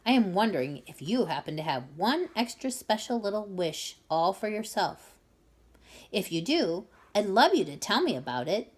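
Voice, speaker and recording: A woman's voice: medium pitch, big pitch swings, normal speed, breathy edge. A woman voicing a grand, know-it-all but kindly elderly duke in a storybook reading.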